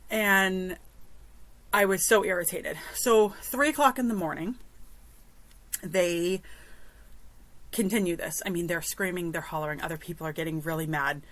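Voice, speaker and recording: A podcast host, a woman in her thirties, telling a story in a chatty, animated way, with exasperated asides. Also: on the low side, normal speed, pauses often. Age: 30s. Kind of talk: casual storytelling monologue.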